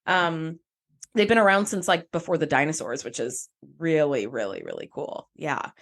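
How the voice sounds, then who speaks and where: A woman co-hosting a podcast, talking casually and eagerly and laughing often. Her pitch moves a great deal, rising and falling as she talks. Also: big pitch swings, normal speed, vocal fry. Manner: chatty and enthusiastic, laughs often. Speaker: podcast co-host. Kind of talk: casual chat.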